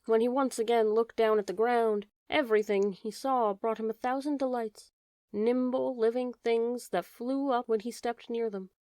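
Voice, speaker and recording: A woman's voice: fairly high pitch, fairly even intonation, moderate pace, mellow, no echo, clean studio sound. Woman reading a fairy tale aloud. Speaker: audiobook narrator. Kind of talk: scripted storybook narration.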